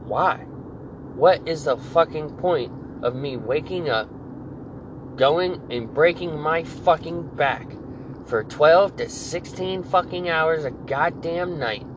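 A man in his twenties, a podcast host, delivering an angry, profane solo rant full of restarts and repeated phrases. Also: medium pitch. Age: 20s. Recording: clear background noise of traffic and air conditioning.

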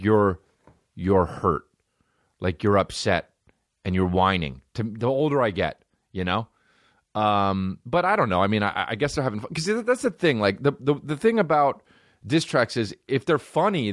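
A man with a low voice holds forth on his podcast in a loose, profane, rambling rant, breaking into mock rap rhymes. His pitch leaps and dips all over the place. The sound is dry and close, with no room echo. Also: sing-song, normal speed. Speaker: podcast host. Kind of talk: casual comedic rant.

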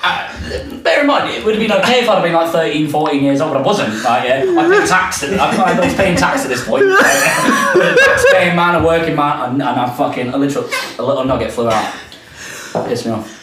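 A young man spins a crude tale on a podcast, laughing and cursing as he goes, his pitch leaping around. He sits away from the mic in an echoey room, and steady background noise runs underneath. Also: fairly quick. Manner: rambling, laughing storyteller who swears freely. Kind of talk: casual chat among friends. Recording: roomy, distant mic, noisy background.

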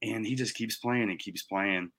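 A man co-hosting a podcast, telling a story in casual chat with plenty of swearing and animated delivery. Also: fairly low pitch, moderate pace. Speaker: podcast co-host.

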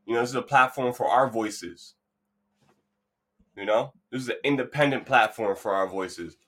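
A man's voice: medium pitch, moderate pace, fairly bright tone, slightly rough. A man hosting his own podcast, talking in a loose, rambling, motivational way. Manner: playful, hypes up an imagined crowd. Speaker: podcast host. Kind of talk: casual solo monologue.

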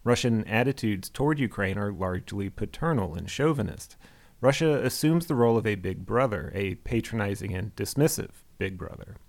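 Male host, scripted narration, lowish voice, steady read. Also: moderate pace, creaky. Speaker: podcast host.

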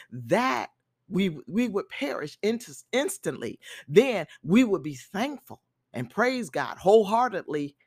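A woman evangelist delivering a measured, emphatic sermon and closing her podcast episode as host. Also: medium pitch, no echo, studio quality. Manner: measured, emphatic preaching that stresses key words. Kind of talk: recorded sermon with podcast sign-off.

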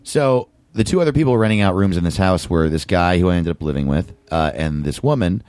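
A man's voice: deep voice, expressive, fairly quick, darkish tone, no echo. A man co-hosting a casual podcast, telling a long story with many fillers and restarts. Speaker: podcast co-host. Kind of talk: casual chat.

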